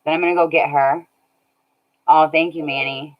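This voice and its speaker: A woman's voice: sits low, fairly even intonation, moderate pace. A woman chatting casually on a livestream, laughing often and thanking viewers by name. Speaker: streamer reading chat. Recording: dull lo-fi audio.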